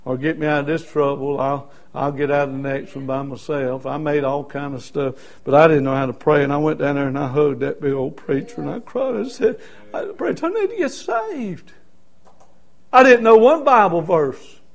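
A man preaching a sermon as a personal testimony, in a folksy way, going from soft, quiet stretches to loud shouted peaks. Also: on the high side, brisk, few pauses.

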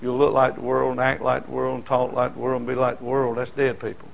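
A male pastor, preaching a sermon that swings from quiet talk to shouting, repeating his phrases. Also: mid-range voice, completely flat delivery, quick pace, creaky, hardly any pauses, rough recording.

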